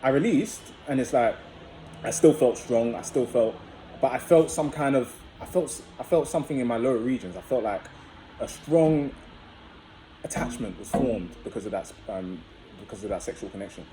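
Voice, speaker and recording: A man's voice: mid-range voice, lively intonation, moderate pace, background noise. A young man vlogging, telling a personal story in a chatty, casual way and often addressing viewers as guys.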